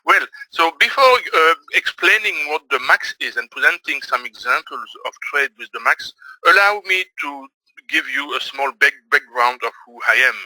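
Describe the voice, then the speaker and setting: A middle-aged man from Belgium with a Belgian French accent, giving a webinar presentation and pausing often on fillers. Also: fairly high pitch, animated, pushed and bright, dry recording, low-quality recording. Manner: hesitant, many fillers. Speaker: trading presenter.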